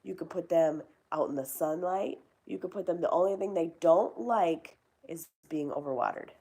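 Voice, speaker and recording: A woman's voice: on the low side, normal speed, warm tone, husky. A young woman hosting a casual chat, rambling and swearing now and then. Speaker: host.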